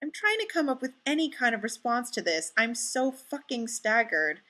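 A woman reading a first-person story aloud in an intimate, measured and expressive way. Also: on the high side. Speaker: story reader.

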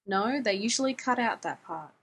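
A woman's voice: a little high, expressive, normal speed, fairly bright tone, slightly rough. A woman reading the lines of a blunt, protective man who is curt and sarcastic and swears. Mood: dry.

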